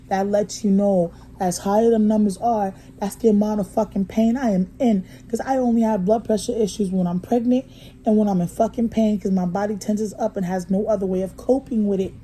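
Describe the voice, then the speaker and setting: A woman vlogger, telling a story in a blunt, profane way that moves from hushed to heated. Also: medium pitch, fairly even intonation, a little fast, a little hiss or hum, low-quality recording. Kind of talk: casual storytime vlog. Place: motel room.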